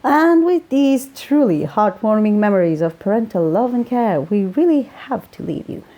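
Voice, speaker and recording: A woman's voice: medium pitch, animated, normal speed, dark tone, lo-fi sound, lightly acted. A woman voicing a cheerful male radio show host with a Welsh accent, signing off with a pun. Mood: jovial. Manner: punning, upbeat sign-off.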